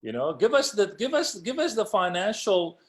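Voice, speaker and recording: A passionate man speaks as an interview guest, pressing each point hard and circling back to repeat it. His voice sits a little high for a man. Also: very animated, normal speed. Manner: passionate, emphatic, repeats words. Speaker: casting director and producer, guest. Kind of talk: interview conversation.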